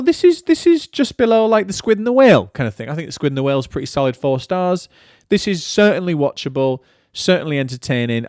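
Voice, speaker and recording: A man in his thirties hosting a solo film podcast, chatty and animated as he reviews movies and tells stories. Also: mid-range voice, dry recording, studio quality. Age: 30s. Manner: chatty and animated, with lively storytelling asides.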